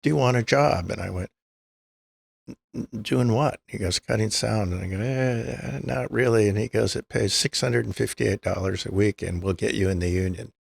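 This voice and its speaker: Gravelly older man telling stories. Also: lowish voice, normal speed, hardly any pauses, dry recording. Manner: anecdotal, acts out quoted dialogue. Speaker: guest. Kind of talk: storytelling interview.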